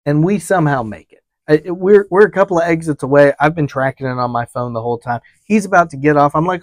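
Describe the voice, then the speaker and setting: Animated man retelling a trip. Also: a little high, fast, no room sound. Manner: animated retelling with quoted dialogue and fillers. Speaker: travel advisor. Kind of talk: storytelling vlog.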